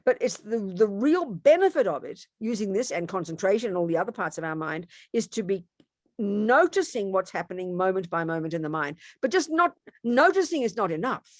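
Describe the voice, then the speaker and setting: Speaking a little fast, the nun delivers an emphatic, conversational dharma talk in a clean studio recording with no room sound. Her animated voice ranges widely in pitch and volume as she repeats points and poses rhetorical questions.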